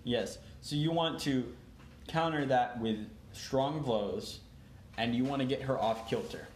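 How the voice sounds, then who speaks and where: Young male guest, mid pitch, tired and wry. Echoey room with faint noise. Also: a little slow. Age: young adult. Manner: dry, laughing, tired late-night delivery. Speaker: podcast guest. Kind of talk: casual chat.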